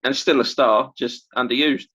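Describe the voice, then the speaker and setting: A man's voice: medium pitch, fairly even intonation, moderate pace, bright, forceful tone, breathy edge. A man co-hosting a casual wrestling chat, mostly giving short, dry agreeing replies. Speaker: co-host. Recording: dull lo-fi recording.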